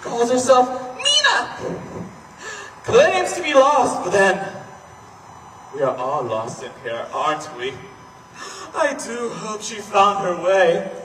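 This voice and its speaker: A manic, high-voiced asylum inmate. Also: male voice, wildly swooping pitch, takes it slowly, full character voice. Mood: sly, musing. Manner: swings from sly musing to frantic shouted begging. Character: deranged male asylum inmate, manic and pleading. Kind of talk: stage play acting. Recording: echoey hall from far off, noisy.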